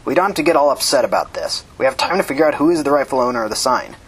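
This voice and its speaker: A man voicing a tall, commanding homeless leader who talks bluntly and swears, in a husky voice, louder and higher than his own. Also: expressive, very fast, poor audio. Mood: calming.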